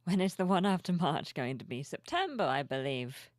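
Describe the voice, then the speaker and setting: A sleepy woman streamer chatting softly and cheerfully with her viewers at home, reading their messages aloud. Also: low-pitched, big pitch swings, normal speed, dry recording, clean studio sound. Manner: soft-spoken, cheerful, reads chat aloud. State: sleepy, yawning. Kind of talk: casual live-stream chat. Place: home room with plushies.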